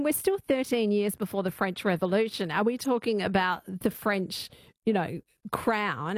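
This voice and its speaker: A woman interviewer asks thoughtful, probing questions in a medium-pitched voice. The sound is dry and close, with no room echo. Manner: inquisitive, reflective. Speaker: interviewer, host.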